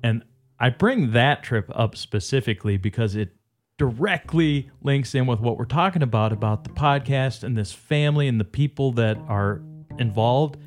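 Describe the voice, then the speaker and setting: A male podcast host with a mid-pitched voice tells a story out on a wilderness lake, easygoing and brisk. Soft guitar music sits faintly under his words. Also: lively intonation. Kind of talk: casual outdoor interview.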